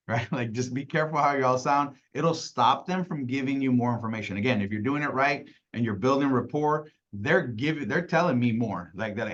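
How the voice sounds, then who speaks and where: A man's voice: medium pitch, fairly quick, dull audio. A man leading a casual sales training call, talking conversationally and acting out clients, with many "right?" tags.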